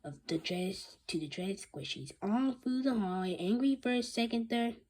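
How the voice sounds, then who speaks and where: Woman reading a children's book aloud, mellow husky voice, stumbles and restarts. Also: a little high, lively intonation. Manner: halting, with frequent restarts. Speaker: reader.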